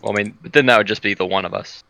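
A man's voice: lowish voice, racing, creaky, sharp tone, low-quality recording. A man playing a tabletop game, talking in an offhand way. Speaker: player. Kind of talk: casual chat at a game table.

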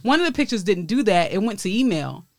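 A woman's voice: mid-range voice, fast, no room sound, studio quality. Laughing woman comedian telling a story. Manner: lively, laughing storyteller who acts out dialogue. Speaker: comedian guest. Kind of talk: casual storytelling chat. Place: podcast in a wine cellar.

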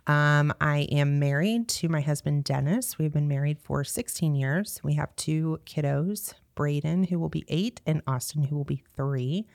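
A woman's voice: deep voice, unhurried, creaky, few pauses, darkish tone, dry recording, clean studio sound. A woman in her thirties, a parish staff member, chatting as a podcast guest and telling her story with laughs and fillers. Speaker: guest, parish evangelization director. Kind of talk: casual podcast chat.

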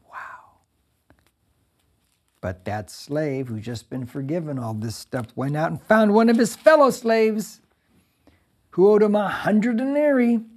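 A male pastor giving a conversational verse-by-verse sermon, reading scripture and breaking in with lively asides. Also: high voice, vocal fry, breathy edge. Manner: conversational, animated preaching with asides.

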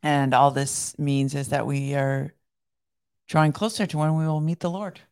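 A woman's voice: low-pitched, fairly even intonation, normal speed, darkish tone, smooth. A woman co-hosting a casual chat, playful and teasing, with frequent laughter. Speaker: podcast co-host.

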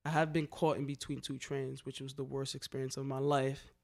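A man's voice: mid-range voice, a little fast, gravelly. A man telling wild stories in casual chat, swearing often and acting out what people said. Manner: animated, swearing, slangy, acts out quotes. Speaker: graffiti writer telling stories. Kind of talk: casual storytelling.

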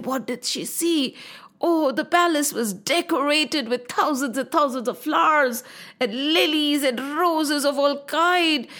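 High-voiced woman telling a myth. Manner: expressive, exclaiming. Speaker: storyteller. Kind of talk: oral storytelling of a myth.

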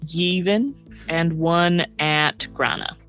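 A woman's voice: on the low side, slow pace, fairly bright tone, highs cut off, soft background music. A woman running a tabletop game as game master, narrating playfully and laughing often.

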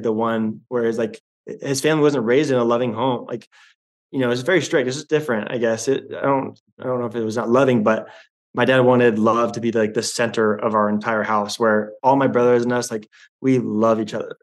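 A young man who is a podcast guest, talking in a rambling, halting way with many fillers, in casual interview chat. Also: mid-range voice.

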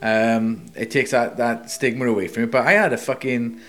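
A man's voice: mid-range voice, fairly even intonation, moderate pace, fairly bright tone. A man co-hosting a casual podcast chat, sweary and rambling, telling stories animatedly. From Wales. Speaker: co-host, tattoo artist.

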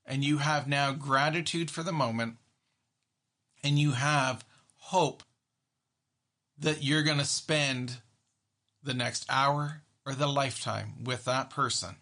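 A therapist who hosts a podcast talks casually in a monologue about everyday moments, acting out his own reactions and restarting often. His medium-pitched voice has a sharp tone and fairly even intonation, and he takes it slowly with frequent pauses.

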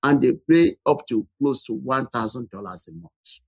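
A man talking as a podcast guest, telling an animated story and often repeating his words. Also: medium pitch, moderate pace, slightly rough, no room sound. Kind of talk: podcast conversation.

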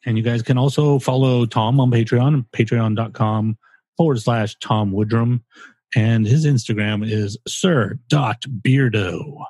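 A man's voice: medium pitch, steady tone, measured pace, darkish tone, breathy edge, dry recording. A man co-hosting a casual podcast, rambling and joking with the odd swear word. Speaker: podcast co-host. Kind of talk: casual chat.

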